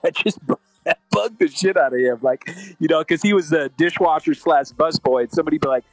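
A man's voice: fairly high pitch, fairly quick, dry recording, faint music behind, poor audio. A man co-hosting a podcast, chatting casually and laughing often in easygoing banter. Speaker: podcast co-host.

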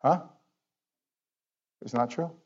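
Conversational pastor with wild volume swings. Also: male voice, medium pitch, slow pace, husky, muffled recording. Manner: conversational, swings from loud outbursts to near-whispers. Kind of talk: sermon.

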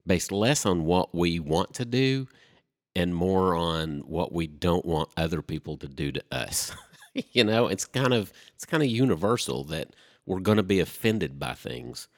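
Man with a very low voice, animated delivery, dry close sound, casual talk. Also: no room sound. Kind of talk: casual discussion.

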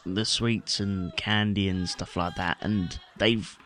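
A man, chatting casually as a podcast co-host in a wry, relaxed way, often trailing off and restarting. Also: on the low side, takes it slowly. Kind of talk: casual chat.

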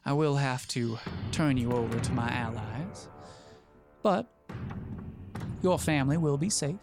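Guy doing a calm grave recruiter dude, low-key menacing, soft music in the back. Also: close to an everyday voice. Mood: solemn. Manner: calm, measured, quietly menacing. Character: grave male recruiter for a secret cause.

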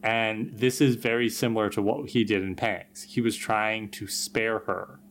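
A man co-hosting a podcast, calmly reasoning through an opinion in casual chat. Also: lowish voice, unhurried, slight background noise. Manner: reasoned, arguing a point with restarts. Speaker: podcast co-host.

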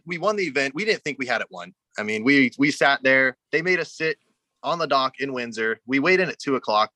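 A man's voice: mid-range voice, sharp tone, no room sound. A man telling fishing stories in a laid-back, casual way, often saying "you know", from Arizona. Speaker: guest angler. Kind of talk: casual storytelling.

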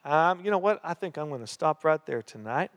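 Pastor, male, earnest storytelling sermon, slightly high voice, long reverb of a church hall. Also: animated, a little fast. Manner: storytelling, earnest, repeats key phrases.

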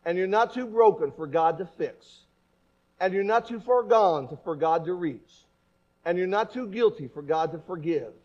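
A man preaching a sermon in a church, animated and emphatic, with repeated rhetorical questions. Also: high voice, normal speed, dull audio.

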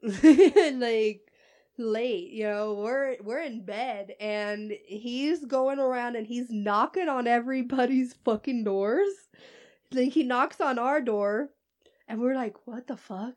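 A woman's voice: fairly high pitch, takes it slowly, a little mellow. A woman telling a story in casual chat, swearing freely and laughing as she goes.

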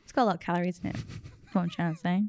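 A woman's voice: on the low side, fairly even intonation, rapid-fire, vocal fry, warm tone, a little hiss or hum. A woman in her thirties or forties, co-hosting a casual podcast chat in a chatty, playful way and laughing often. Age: 30s to mid 40s. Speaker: podcast co-host.

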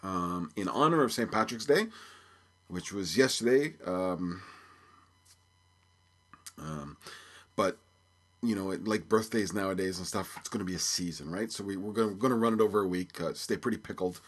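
Husky, low-voiced man hosting a podcast. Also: normal speed, long pauses, fairly bright tone. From Belfast, Northern Ireland. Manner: rambling, joking, many fillers. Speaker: podcast host. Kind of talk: casual solo podcast chat.

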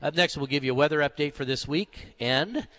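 A man with a higher-pitched, fairly bright voice speaks briskly while hosting a golf show on sports radio. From the studio he rambles casually and emphatically, filling his talk and live ad reads with fillers.

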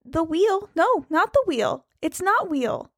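Bubbly high-voiced podcast woman. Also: big pitch swings, takes it slowly, fairly bright tone, no echo, studio quality. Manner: playful, bubbly, jokey. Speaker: podcast co-host. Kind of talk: casual chat.

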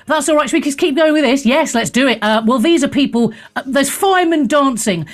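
A woman hosts a talk show with loose, opinionated chat. She is animated and theatrical, with a biting sarcastic edge. Her voice sits fairly high. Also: brisk, few pauses.

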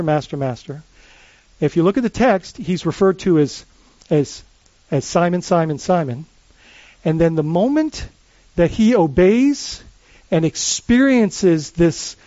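A man who is a lead pastor, preaching a sermon in a conversational, animated way, often restarting his phrases. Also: sits high, dry recording, muffled recording.

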